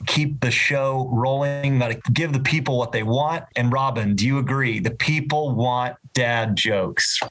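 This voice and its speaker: A man's voice: medium pitch, a little slow, few pauses, fairly bright tone. Upbeat man telling dad jokes. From Florida. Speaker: podcast co-host. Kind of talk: casual podcast chat.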